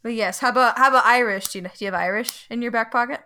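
Woman co-host, high bright voice, slow drawn-out delivery, lively pitch. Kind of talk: casual group chat.

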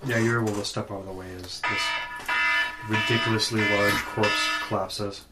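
Low-voiced man running a tabletop game. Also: level tone, moderate pace, very noisy. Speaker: dungeon master.

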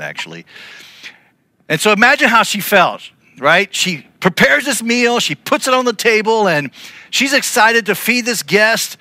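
A man delivers a sermon in a high, bright voice, telling a story and slipping into the voices of the people he quotes. The sound is dry and close. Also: no echo. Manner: storytelling, acting out quotes with shifting pitch. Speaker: pastor.

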